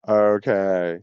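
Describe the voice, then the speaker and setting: A man's voice: fairly low pitch, clean tone, no room sound, lo-fi sound. A man talking in a casual, rambling monologue, wandering off and interrupting himself with wry asides. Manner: meandering, self-interrupting, wry. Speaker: video host.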